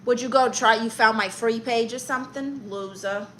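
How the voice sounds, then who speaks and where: Brief: bright-voiced, sassy New woman, comic live-stream auntie teasing her chat, faint room hiss. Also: fairly high pitch, steady tone, moderate pace, low-quality recording. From Brooklyn, New York. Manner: sassy, teasing, calls viewers honey and darling. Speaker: livestream host playing an aunt character.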